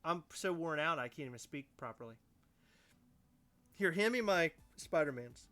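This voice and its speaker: A man's voice: fairly high pitch, animated, normal speed, pushed and bright. A man co-hosting a casual livestream podcast, joking around in a goofy, over-the-top way. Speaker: podcast co-host.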